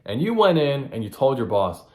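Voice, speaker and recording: A man's voice: mid-range voice, very animated, moderate pace, darkish tone, echoey room. A man hosting a solo motivational podcast, blunt and profane, hammering his point home by repeating it. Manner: blunt, profane and repetitive for emphasis. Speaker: podcast host.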